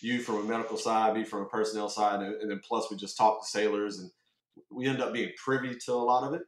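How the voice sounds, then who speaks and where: A man in his forties hosting a podcast, telling stories in a casual, profane, animated way. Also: on the low side, quick pace, echoey room. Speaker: podcast host. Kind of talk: casual interview chat.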